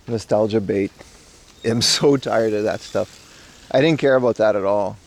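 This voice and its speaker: A man livestreams outdoors from a park in Japan, chatting casually and reading out chat in loose, slangy rambling. His voice is fairly low, gravelly, and darkish in tone.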